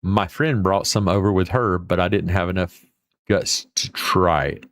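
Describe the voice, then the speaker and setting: Gravelly, low-voiced man chatting. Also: fairly even intonation, a little slow, a bit bright, dry recording, clean studio sound. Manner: rambling, folksy, mild swearing. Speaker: livestream host. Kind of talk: casual chat reading viewer comments.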